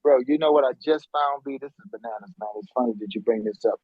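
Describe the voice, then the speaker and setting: A man on a podcast talks at middling pitch and rambles through his point with a lot of filler words. His voice has a dull, lo-fi sound, and it is recorded dry with no room echo. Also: quick pace. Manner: rambling, many fillers and restarts. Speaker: podcast co-host. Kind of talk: casual chat.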